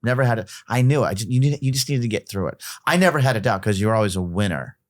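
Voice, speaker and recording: A man's voice: on the low side, expressive, fast, dry recording, clean studio sound. A middle-aged man, a podcast guest, talking casually and emphatically, often repeating himself and restarting sentences.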